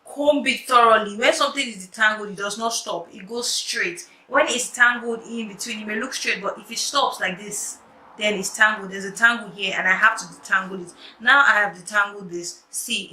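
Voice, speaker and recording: A young woman, telling a story and showing a hair fix in a chatty, lively way, sometimes dropping to quiet asides. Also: medium pitch, moderate pace. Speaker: wig maker vlogger. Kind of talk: casual storytelling tutorial. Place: room at home at night. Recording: echoey room, distant mic, faint noise.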